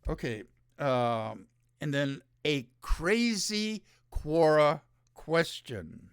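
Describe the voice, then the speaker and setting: A man's voice: fairly high pitch, expressive, very slow, clear, resonant tone, no echo, studio quality. A man hosting his own show, giving rambling, sarcastic solo commentary. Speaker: show host.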